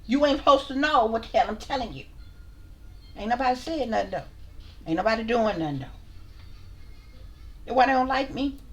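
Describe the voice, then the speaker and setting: A woman's voice: on the high side, expressive, brisk, long pauses, soft background music. Blunt, profane woman ranting to viewers. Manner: blunt, profane, sassy, repeats herself. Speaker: channel host, spiritual reader. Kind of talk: heated casual rant to camera.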